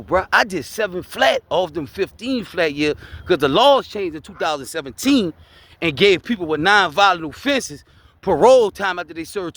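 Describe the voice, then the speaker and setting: A man's voice: high voice, a bit bright, no room sound. A man with a Louisiana accent talking casually and preachily about hard lessons and faith, often asking "you heard me?". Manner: preachy street talk, keeps repeating "you heard me?". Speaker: vlogger sharing his life story. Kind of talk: casual motivational talk.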